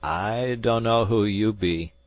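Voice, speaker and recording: A man's voice: lowish voice, slow, dry recording, highs cut off, pitched above the performer's own voice. A man voicing a meek, submissive grieving man.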